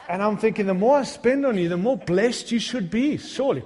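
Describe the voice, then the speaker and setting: A man's voice: high voice, expressive, a little fast, hardly any pauses, a little mellow, in a large hall. A middle-aged male pastor preaching a sermon, mixing humorous, self-deprecating stories with fervent appeals to the congregation.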